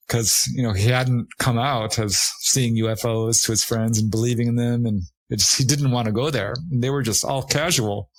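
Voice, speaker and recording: A man's voice: normal speed, dry recording. A man telling a witness's story in casual conversation, laughing often and raising his voice to act out the people he quotes. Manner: animated retelling, acts out quoted witnesses with raised pitch; laughs often while talking. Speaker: guest, paranormal investigator.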